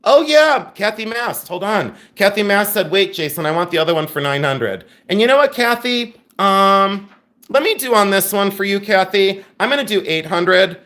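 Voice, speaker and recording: A man's voice: high voice, expressive, normal speed, a bit bright. A middle-aged man hosting a live jewelry sale, chatty and joking, thanking viewers by name as he shows items. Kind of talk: live-stream selling chat.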